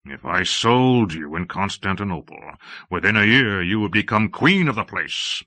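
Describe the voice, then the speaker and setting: A man voicing a bold, gruff male Norse raider chief in an audiobook reading, speaking deliberately. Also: lowish voice, lively intonation, sharp tone, no echo. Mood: commanding.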